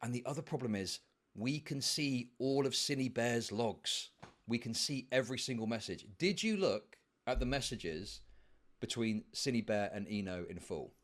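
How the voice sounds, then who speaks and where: A man in a played debate clip, making his case in a measured, hesitant way with restarts. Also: medium pitch, lively intonation, fairly bright tone. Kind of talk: debate discussion.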